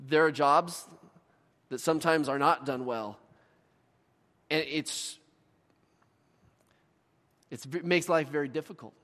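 Pastor, middle-aged man, slightly raised pitch, preaching in a big reverberant hall, conversational storyteller. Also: a bit bright. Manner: storytelling with voiced asides and laughs. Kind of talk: sermon. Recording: long reverb of a large hall.

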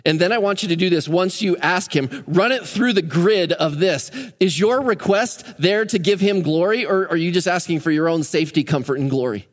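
Emphatic high-voiced male pastor. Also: lively intonation, moderate pace, big-room sound. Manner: emphatic, repeats phrases for stress. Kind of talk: sermon. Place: church sanctuary.

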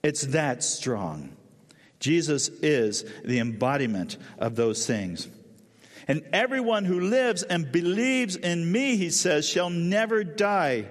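A man preaching a sermon with feeling, dropping to a soft low voice at solemn moments. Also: in a large hall. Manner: emotional, drops to soft low voice at solemn lines. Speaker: pastor.

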